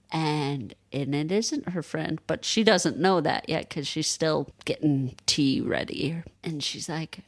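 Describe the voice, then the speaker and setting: A woman on a podcast retells a movie in casual conversation, acting out each character's lines as she goes. Her voice sits a little low. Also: unhurried, few pauses. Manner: animated retelling, acting out the dialogue. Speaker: podcast co-host. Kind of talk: casual movie recap chat.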